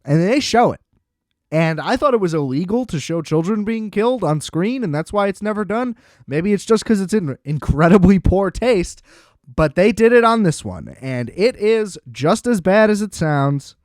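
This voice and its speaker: A podcast host with a somewhat high-pitched male voice, talking loosely and getting worked up as he retells a plot. He laughs often and sounds exasperated. The recording is dry and close. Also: animated, normal speed, a little mellow, dry recording. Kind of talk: casual movie review rant.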